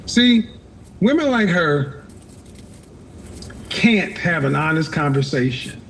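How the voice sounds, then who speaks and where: A man's voice: on the high side, animated, slow, gravelly, a little hiss or hum. A man hosting a live call-in advice show, blunt and lecturing, cutting callers off.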